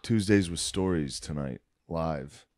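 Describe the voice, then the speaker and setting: A man's voice: extremely low pitch, takes it slowly, crowd noise. A man, a comedian, telling a story in casual podcast chat and acting out the quotes. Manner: animated, laughing, acts out quotes.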